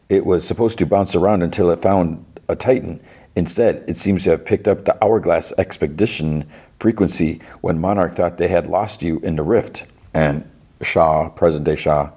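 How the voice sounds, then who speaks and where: A man's voice: low-pitched, normal speed, a little mellow. A male podcast host casually recapping an episode, acting out the characters' lines in loose voices. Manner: acts out dialogue in loose voices; lots of "he's like" and restarts.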